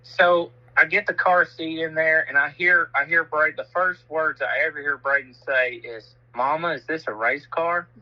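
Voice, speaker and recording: A man's voice: on the high side, fairly even intonation, moderate pace, hardly any pauses, dull audio. Laid-back man telling a story. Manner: laid-back, laughs at himself, swears freely. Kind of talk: casual storytelling chat.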